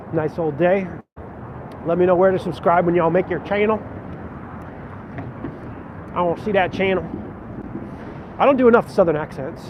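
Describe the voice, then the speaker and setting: A man, a vlogger and stage actor, chatting casually in a rambling, self-deprecating way while he walks and reads viewer comments aloud. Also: fairly high pitch. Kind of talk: casual live-stream chat while walking. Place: city street outdoors. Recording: muffled lo-fi phone audio with loud street noise.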